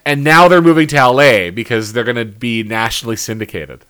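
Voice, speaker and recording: A man's voice: mid-range voice, brisk, a bit bright, clean tone. Sarcastic man on a TV review podcast. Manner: sarcastic, swears freely, laughs often. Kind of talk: casual chat.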